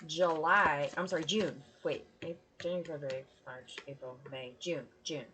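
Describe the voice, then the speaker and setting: A woman's voice: deep voice, moderate pace, a bit bright. A woman giving a casual tarot reading, talking bluntly and swearing freely in a chatty way. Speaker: tarot reader.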